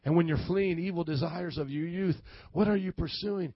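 A pastor with a high voice delivers his sermon in a lively, joking way and laughs at himself. The recording sounds dull and lo-fi. It is dry, with no room echo. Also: normal speed, husky. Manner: animated, acts out quoted voices; jokey and self-deprecating.

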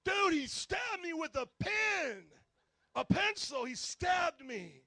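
A man's voice: very high voice, sing-song, slow pace, sharp tone, no room sound, raised voice, pitched above the performer's own voice, exaggerated voice. A man voicing a nervous, rule-bound young man who protests and pleads in a raised voice. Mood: shouting in pain.

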